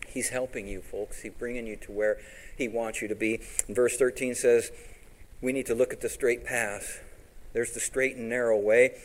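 A man from Tennessee preaching a sermon in a folksy, animated way, often acting out little scenes. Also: medium pitch, a little fast. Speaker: pastor.

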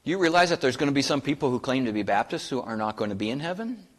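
A man's voice: medium pitch, animated, fast. A man preaching a sermon in a folksy, conversational way, asking the congregation questions and joking with them. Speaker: pastor.

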